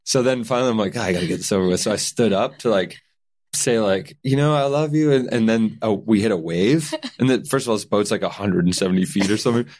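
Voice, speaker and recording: Man from Canada, young adult, fairly low voice, lively casual storytelling, quotes people in put-on voices. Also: fast talker. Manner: animated storyteller acting out quoted lines. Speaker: guest.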